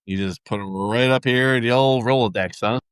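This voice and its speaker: A man's voice: medium pitch, brisk, a bit bright, clear, resonant tone, no echo. A man co-hosting a podcast with teasing wisecracks. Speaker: co-host. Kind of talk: casual chat.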